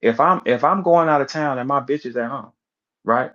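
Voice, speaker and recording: Man, blunt profane rant, mid-pitched voice, dull lo-fi sound. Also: moderate pace, fairly bright tone. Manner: blunt, profane, emphatic, rhetorical questions. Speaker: commentator. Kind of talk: animated commentary rant.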